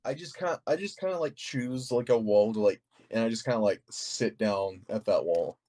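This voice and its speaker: A man's voice: fairly low pitch, normal speed, dark tone. A young man taking part in a tabletop game, talking hesitantly with many fillers. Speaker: player. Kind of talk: casual tabletop play.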